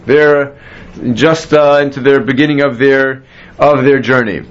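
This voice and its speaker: A man's voice: medium pitch, steady tone, unhurried, highs cut off. Man teaching a Bible class. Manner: explains step by step, quizzes students. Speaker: Torah teacher.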